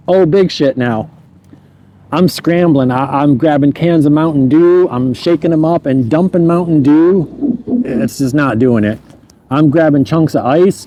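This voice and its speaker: A man telling a true story from his own life in a casual way, chuckling at his mishaps and stumbling over words as he rushes ahead. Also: on the high side, warm tone.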